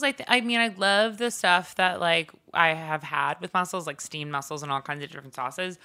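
Bright, playful woman cracking quips. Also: fairly low pitch, normal speed, few pauses. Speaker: podcast co-host. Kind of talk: casual food chat.

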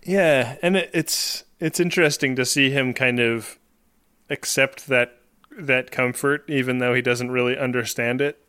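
A man's voice: mid-range voice, fairly even intonation, measured pace, bright, forceful tone, clean tone, no room sound, studio quality. A man co-hosting a podcast in a wry, jokey way as he narrates scenes in casual chat. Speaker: podcast co-host.

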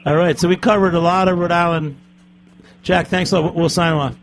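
A man hosts a casual studio radio show with a gravelly edge to his voice. He sits a little high in his range and rambles cheerfully through shout-outs and thank-yous. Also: fairly even intonation, a little fast. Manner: upbeat, rambling sign-offs with laughs.

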